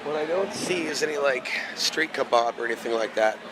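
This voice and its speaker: A brisk, mid-range voice belongs to a man in his thirties rambling casually to his camera as he walks city streets for a tour vlog. The handheld camera mic picks up outdoor city noise and traffic in the background.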